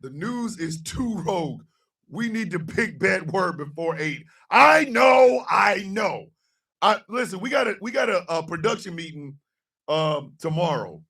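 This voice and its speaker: A raspy, bright-toned man hosting a radio show from a bit back off the mic. His pitch swings wildly as he jokes, shouts and rants in mock outrage. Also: lively intonation, unhurried, far from the mic. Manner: rowdy, profane, shouting bursts and mock outrage. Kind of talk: loud comedic live-stream banter.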